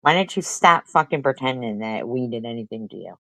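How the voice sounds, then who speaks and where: A woman's voice: very deep voice, lively intonation, fairly quick, pushed and bright, no echo, rough recording. A woman live streamer arguing in a profane, confrontational and mocking way. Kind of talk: heated live-stream commentary.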